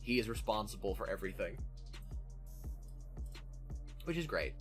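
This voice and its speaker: A man's voice: on the low side, big pitch swings, moderate pace, soft background music. A man with a nasal voice hosting a casual podcast, recapping an episode in a profane, sardonic way. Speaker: podcast host.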